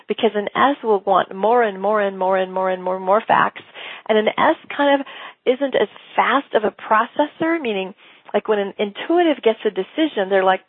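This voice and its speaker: A woman business coach talks through ideas in a casual, animated teaching style and keeps slipping into quick acted-out exchanges. Her voice is a little husky and breathy. The recording is dry and tinny, like a phone call. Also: medium pitch, no echo. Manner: animated, acts out quoted dialogue, laughs often.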